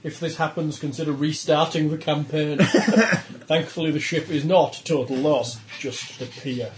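A man's voice: fairly high pitch, steady tone, a little slow, reverberant, background noise. A man running a tabletop horror game as game master, laughing often and reading rules aloud.

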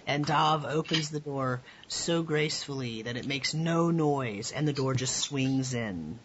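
A man narrating as game master for a tabletop game, quick and chatty. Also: mid-range voice, fairly bright tone. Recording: dull lo-fi recording with faint hiss.

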